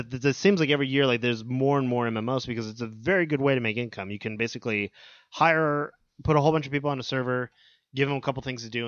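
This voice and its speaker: A man's voice: medium pitch, a bit bright, clean tone, no echo, muffled recording. A man co-hosting a casual gaming podcast, chatting loosely and listing things off. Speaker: podcast co-host.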